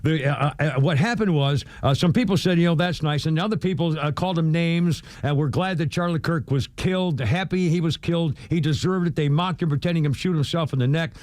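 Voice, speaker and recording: A man's voice: fairly high pitch, a little mellow, no room sound. A man hosting a talk radio show, rambling with lots of fillers and restarts. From New England. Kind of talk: casual talk radio monologue. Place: radio studio. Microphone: studio microphone.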